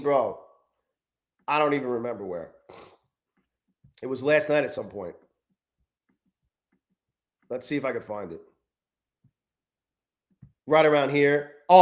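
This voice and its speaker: Profane, fired-up livestreaming trader man. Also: a little high. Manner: profane, self-berating, greets chat users by name. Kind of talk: live-stream chat while trading.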